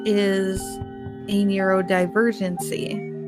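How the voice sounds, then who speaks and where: A woman's voice: mid-range voice, little pitch movement, takes it slowly, music in the background. A woman hosting a solo podcast, ranting bluntly with heavy swearing and laughing at her own points. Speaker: podcast host. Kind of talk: casual solo podcast rant.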